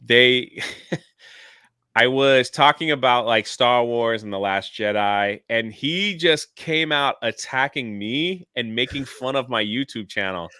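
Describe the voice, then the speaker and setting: Bright, animated man telling a story. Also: mid-range voice, takes it slowly, smooth, no room sound, studio quality. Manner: animated, jumps into quoted voices. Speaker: YouTuber guest. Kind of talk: casual storytelling on a livestream. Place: lives near a theme park in Florida.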